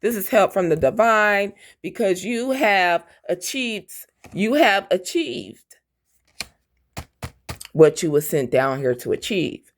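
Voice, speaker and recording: A woman's voice: on the low side, expressive, measured pace. Blunt, profane woman reading tarot. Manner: blunt, profane, fiery and defiant. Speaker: tarot reader.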